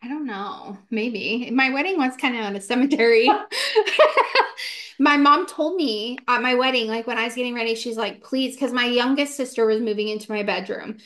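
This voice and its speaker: A young woman in her twenties, co-hosting a casual podcast, recounts a ghost story. Her voice sits a little high, and she talks fast and animatedly, packed with "like" fillers and acted-out quotes. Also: a bit bright. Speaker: podcast co-host.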